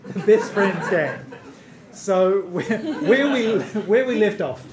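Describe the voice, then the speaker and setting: A man's voice: high voice, expressive, slow, echoey room, a crowd in the background. A man running a tabletop game on stage for a live audience, hesitant and full of fillers, amused. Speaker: game master.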